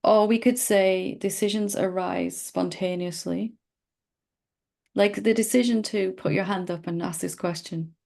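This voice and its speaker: Middle-aged woman teacher with a husky fry in her voice, gentle and teasing in a satsang dialogue. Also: medium pitch, fairly even intonation, unhurried. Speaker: spiritual teacher.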